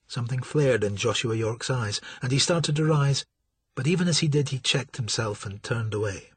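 A man narrating an audiobook in a steady, dramatic storytelling manner, with a husky voice. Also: medium pitch, moderate pace, dry recording.

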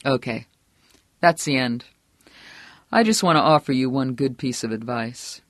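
A man's voice: lively intonation, unhurried, no echo. A man doing a menacing small-town political bully. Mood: hard commanding. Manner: low, quietly threatening, drawling. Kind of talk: audiobook character voice.

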